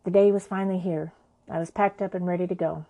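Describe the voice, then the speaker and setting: A woman's voice: lowish voice, fairly even intonation, quick pace, mellow. A woman narrates her own story in a frank, everyday voice. She talks conversationally and swears without holding back.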